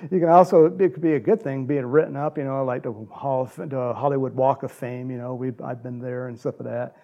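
A man's voice: mid-range voice, steady tone, brisk, highs cut off. A middle-aged American man preaching a casual, rambling sermon full of stories, restarts and little chuckles. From United States. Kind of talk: conversational sermon with anecdotes.

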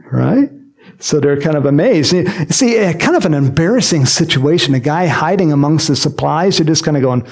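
A preacher teaching from the Bible with a playful, storytelling manner. His voice sits fairly high for a man and jumps all over as he acts things out, with a gravelly rasp at the bottom of his phrases. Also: normal speed. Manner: animated and jokey, acts out quotes, frequent chuckles and asides.

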